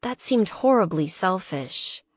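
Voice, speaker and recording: A woman narrating an audiobook in a lively, expressive storytelling manner. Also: medium pitch, slow, husky, no room sound, lo-fi sound.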